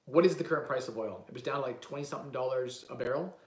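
A man's voice: medium pitch, racing. Guy rambling on a live stream, confident, lots of ums, mid voice, roomy echo. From Canada. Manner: rambling, self-assured, many fillers and restarts. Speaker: livestream host, real estate investor. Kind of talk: casual livestream chat with live Q&A. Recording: roomy echoey room.

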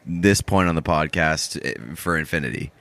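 A man's voice: a bass voice, moderate pace, creaky, dry recording. A young man co-hosting a podcast in casual chat, laughing often and pushing back in disbelief. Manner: laughs often, incredulous, animated. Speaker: podcast co-host.

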